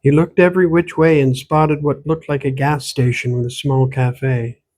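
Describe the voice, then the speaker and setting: A man, the author, reading his own gothic horror novel aloud in steady, measured storytelling. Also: medium pitch, a little hiss or hum. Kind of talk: audiobook narration.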